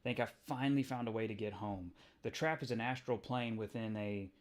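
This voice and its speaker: A man voicing a brooding, cocky young superpowered man in a low, muttered delivery. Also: fairly quick, lightly acted.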